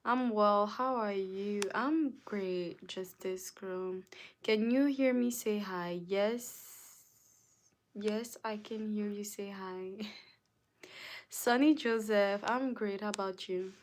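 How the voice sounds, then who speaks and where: A woman's voice: mid-range voice, takes it slowly. A young woman from Africa chatting casually on a livestream, reading viewer comments aloud and answering them, with lots of "like". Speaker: livestream host.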